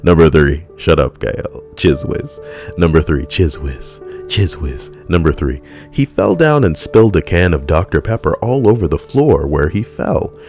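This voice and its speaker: A man with a very deep, low voice hosts a comedy list video, reading each entry and breaking off into quick sarcastic asides. Soft music plays faintly behind him. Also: lively intonation. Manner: sarcastic, quick asides, laughs at own jokes. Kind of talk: reading and riffing on a funny list.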